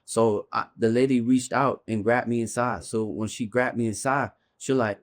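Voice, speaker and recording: A man's voice: mid-range voice, fairly even intonation, moderate pace, few pauses. Earnest man telling a hard story. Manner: earnest, urgent retelling, often checks in with "you feel me". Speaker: guest, bare-knuckle fighter. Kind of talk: personal storytelling in a podcast interview.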